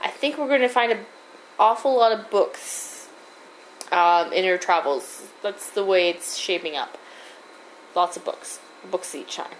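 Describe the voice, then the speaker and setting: A woman recapping a tabletop game session in character, halting and amused, with lots of fillers. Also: on the high side, a little hiss or hum, rough recording.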